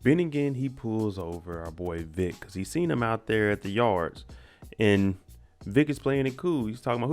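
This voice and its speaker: A man's voice: on the low side, lively intonation, normal speed, darkish tone. A man recapping a TV episode in a slangy, conversational way, talking straight to his viewers.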